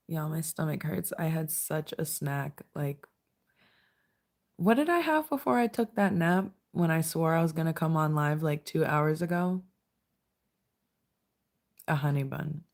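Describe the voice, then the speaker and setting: A chatty young woman talks on a casual livestream from home, her voice sitting a little low. She laughs often and scolds her clingy dog between comments. A dog can be heard nearby. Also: lively intonation, a little slow, long pauses, darkish tone. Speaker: livestream host.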